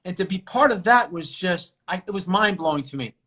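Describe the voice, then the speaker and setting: A middle-aged man from New York, an actor guest telling stories casually on a live video call, animated and full of fillers and restarts. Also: high-pitched, a little fast. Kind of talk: casual storytelling interview.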